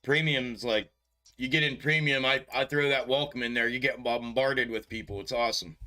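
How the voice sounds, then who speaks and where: A man's voice: medium pitch, fairly even intonation, normal speed, bright, forceful tone. A man hosting a stock market livestream in casual chat, laid-back and profane, often chuckling and calling viewers bro. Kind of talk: casual live-stream chat.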